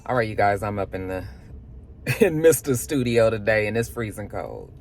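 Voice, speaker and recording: Chatty woman with a lively voice. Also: extremely low pitch, moderate pace, soft background music. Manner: chatty, animated, laughs often. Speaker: TV review vlogger. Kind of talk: casual chat. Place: home studio.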